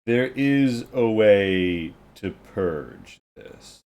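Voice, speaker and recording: A man voicing a solemn male priest who claims to see all, speaking slowly in grave, archaic phrases. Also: lowish voice, very animated, darkish tone, heavily acted.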